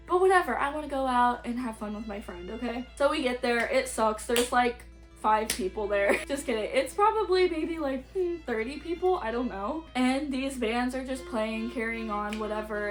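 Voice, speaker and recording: A young adult woman telling a story in a casual vlog, blunt and profane, with lots of "like" fillers. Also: on the high side. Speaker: YouTuber.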